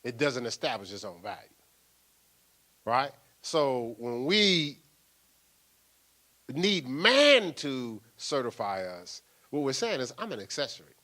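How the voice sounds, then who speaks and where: Older man, a pastor with a sermon voice that swings widely and rings bright, playful and animated. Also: medium pitch, slow, pauses often. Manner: lively, playful preaching with laughter and acted-out asides.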